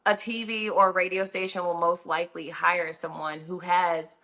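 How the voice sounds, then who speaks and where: A woman radio host chatting as a podcast guest and handing out frank, practical advice. Her voice sits lower than most women's but comes across bright and forceful. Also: level tone, moderate pace. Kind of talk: casual podcast interview.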